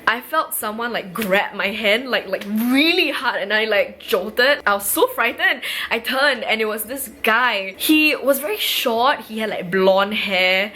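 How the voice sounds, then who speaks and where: Young Singaporean woman vlogger, bright tone, chatty storyteller who acts out dialogue. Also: a little high, lively intonation, measured pace, hardly any pauses. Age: 20s. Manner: chatty, heavy use of "like", acts out quoted dialogue. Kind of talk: casual storytime narration.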